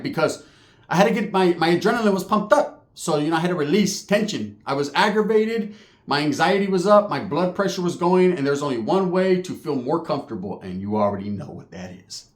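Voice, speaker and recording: A man's voice: on the high side, brisk. A man telling a story casually, with lots of slang and swearing. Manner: profane, slangy, animated. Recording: echoey room.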